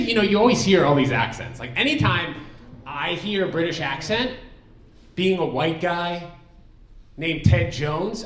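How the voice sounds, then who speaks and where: A young man from New Jersey doing a loud, animated stand-up comedy set in a banquet hall. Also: on the high side, recorded from a distance. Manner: loud, animated, puts on silly accents. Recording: echoey hall, from off the mic.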